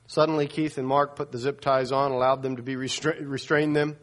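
A man's voice: flat delivery, fairly quick, few pauses. A male pastor preaching a sermon, telling a dramatic story and acting out the quoted people. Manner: storytelling, voices quoted people with rising pitch.

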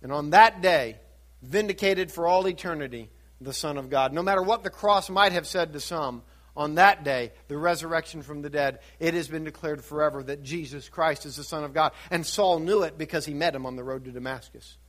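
Bright high-voiced man preaching a sermon. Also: brisk. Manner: builds from quiet teaching to rising fervent emphasis; asks rhetorical questions and answers them. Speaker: pastor.

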